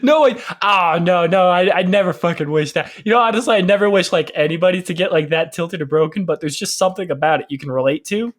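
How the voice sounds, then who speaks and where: A man's voice: high-pitched, quick pace, few pauses. A young man co-hosting a podcast, chatting casually, rambling with lots of fillers and restarts and laughing often. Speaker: podcast co-host. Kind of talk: casual chat.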